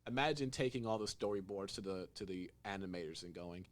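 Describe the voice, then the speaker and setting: Low-voiced man animatedly retelling a show. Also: fairly quick, hardly any pauses. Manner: animated storyteller, acts out quotes in raised voices. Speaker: podcast host. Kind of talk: casual chat.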